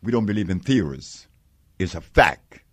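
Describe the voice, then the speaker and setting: An older man in an interview, telling his stories with strong conviction. His pitch swings widely as he acts out both sides of remembered exchanges, and he breaks into laughter along the way. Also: moderate pace. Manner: animated storyteller acting out quoted exchanges, emphatic, laughs often. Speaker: interviewee, herbal healer. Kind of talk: conversational interview storytelling.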